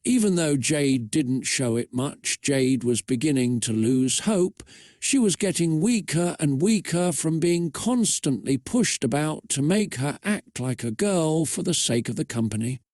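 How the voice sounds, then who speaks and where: A man reads a fan story aloud in a flat, steady voice. He speaks slowly and his voice sits a bit high for a man. The sound is close and dry. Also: no room sound. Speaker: narrator.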